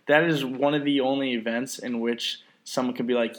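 A man's voice: mid-range voice, fairly even intonation, fairly quick. A man co-hosting a podcast in casual chat, ranting sarcastically and swearing freely. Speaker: podcast co-host.

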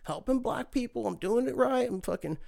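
A man putting on a mocking impression of a smug male president, with an exaggerated, higher, sing-song delivery. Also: lively intonation, brisk, gravelly, a little mellow, heavily acted.

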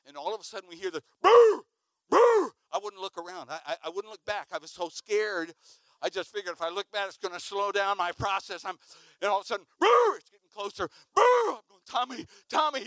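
A high-voiced, bright man preaching in an animated storytelling way. He acts out sounds and breaks into shouts mid-story. The recording is dry and close. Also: dry recording. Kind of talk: sermon storytelling.

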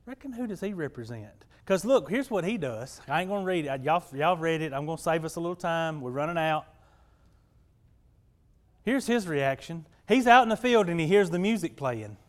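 A male pastor preaches in a folksy, talky way, often tossing questions back to the congregation. His voice sits high for a man, and his sermon swings between easy chat and raised emphasis. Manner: folksy, conversational, keeps asking the congregation "right?".

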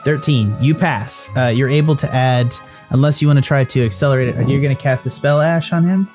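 A man's voice: medium pitch, brisk, darkish tone. A man runs a tabletop game, narrating in a loose, rambling way full of restarts and casual swearing. Faint music plays behind him. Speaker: game master.

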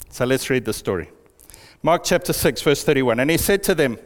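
A man preaching a sermon in a church hall, with animated storytelling. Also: medium pitch, fairly quick. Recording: long hall reverb.

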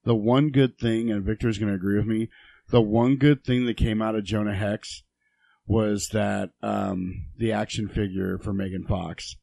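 A man's voice: lowish voice, steady tone, moderate pace, gravelly, dark tone. A man co-hosting a podcast, joking in a laid-back, casual way. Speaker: podcast co-host. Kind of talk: casual movie chat.

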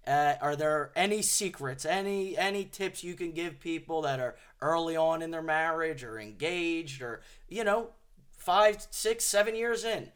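A man's voice: on the high side, measured pace, fairly bright tone, clear, resonant tone. A man hosting a podcast who interviews his guest with enthusiastic, repetitive chatter. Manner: enthusiastic, repeats words, fillers. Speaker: podcast host. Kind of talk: casual interview.

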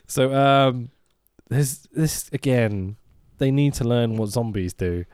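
Man, casual podcast chat, sarcastic, sweary, animated pitch, dry close sound. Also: moderate pace, few pauses, clear, resonant tone, no room sound. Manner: sweary, sarcastic, mock-quoting characters. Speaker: podcast co-host reviewing a film.

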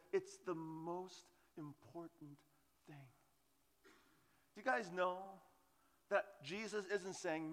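High, bright-voiced pastor preaching. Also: male voice. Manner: earnest, conversational preaching with soft hushed asides. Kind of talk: sermon. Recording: long reverb of a large hall.

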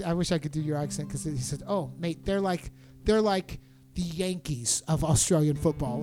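An American man answering interview questions in a relaxed, joking way, with many restarts and faint guitar music behind. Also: on the high side. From United States. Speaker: interview guest, performer. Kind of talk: casual conversational interview.

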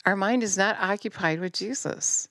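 A middle-aged woman delivers a fervent, scolding sermon, her voice climbing to near-shouts and sinking to low, intense stretches. Her pitch sits in an ordinary middle range for a woman. The recording is close and dry, with no room echo. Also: normal speed. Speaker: preacher. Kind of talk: impassioned sermon.

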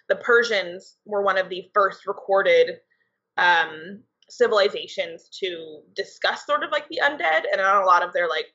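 A young woman co-hosting a podcast, a writer and editor by trade, explains things in loose, casual conversation. Her mid-range voice is husky with a sharp tone, and the podcast audio is dull and lo-fi.

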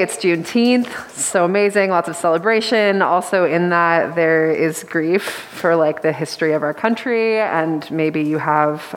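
A young woman giving a church talk and reading a psalm slowly, soft-spoken with many ums. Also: on the low side, big-room sound, a little hiss or hum. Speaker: guest preacher. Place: church meeting room.

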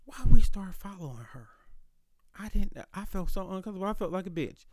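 A podcast host with a slightly high voice tells a casual story a little fast, animated and loaded with slang and cursing. The recording is dry and close, without any room sound.

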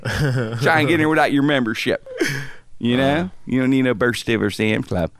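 A man's voice: mid-range voice, a little fast, a bit bright, no room sound, studio quality. A man animatedly telling a funny story on a podcast, laughing often. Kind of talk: comedic storytelling chat.

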